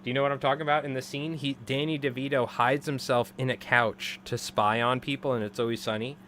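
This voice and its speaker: A man in his thirties chats loosely to his stream audience as he ties flies, rambling from one thought to the next and breaking into laughter often. His voice sits at an ordinary middle pitch. A faint hum runs underneath. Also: fairly even intonation, a little fast, a bit bright. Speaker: live-streaming fly tyer. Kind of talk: casual live-stream chat.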